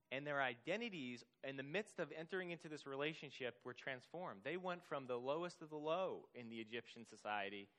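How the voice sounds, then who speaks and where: A man's voice: medium pitch, a bit bright. A man preaching a sermon as a pastor, earnest and repetitive for emphasis, with frequent fillers.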